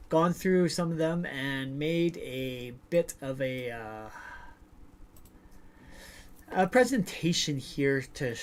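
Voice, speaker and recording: A man's voice: medium pitch, a little hiss or hum. A man hosting a livestream, reading short stories aloud and then chatting loosely with filler words. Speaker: livestream host. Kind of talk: casual livestream storytelling.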